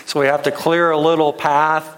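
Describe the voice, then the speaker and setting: A pastor in his thirties gives a casual sermon in a fairly high, fairly bright, clean voice, though the recording itself is rough. His delivery is flat and moderately paced, yet his talk is loose and conversational, with many fillers, restarts, and regular chuckles.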